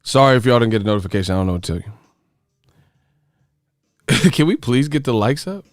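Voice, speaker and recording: A man's voice: mid-range voice, expressive, brisk, dry recording, clean studio sound. A man hosting a casual boxing livestream, ranting profanely and firing off rhetorical questions. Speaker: boxing YouTuber host.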